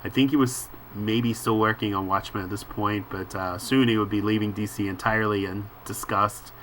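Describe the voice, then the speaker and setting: A man reading a comic book aloud and musing over the panels in an unhurried way, with frequent filler words. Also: lowish voice, steady tone, fairly bright tone, a little hiss or hum. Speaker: comic book reader and commentator.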